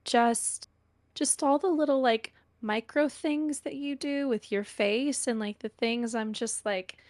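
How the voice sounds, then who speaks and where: A woman's voice: a little high, a little slow, a little mellow, no echo, studio quality. A woman giving playful, meandering praise to fellow players after a tabletop session, hesitant and full of fillers. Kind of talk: casual post-session chat.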